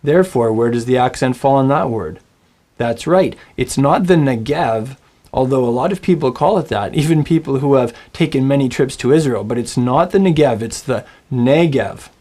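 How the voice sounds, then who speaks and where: A man teaching a recorded Hebrew lesson, friendly and encouraging, saying words slowly and getting the listener to repeat them. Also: medium pitch, darkish tone. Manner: friendly, encouraging, models pronunciation aloud.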